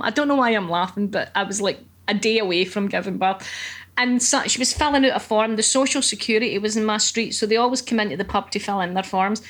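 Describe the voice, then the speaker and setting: A middle-aged woman with a strong Glaswegian accent tells stories in a relaxed chat. Her voice sits a little high, and she talks bluntly, swears freely and laughs often. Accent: Glaswegian Scottish. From Scotland (Glasgow). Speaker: guest. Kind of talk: casual conversational storytelling.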